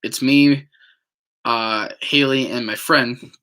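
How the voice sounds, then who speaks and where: Here a male vlogger shares a personal story on camera at a slow pace, his mid-range voice bright, forceful and steady in tone. The talk is loose and meandering, full of ums and likes, with quotes acted out.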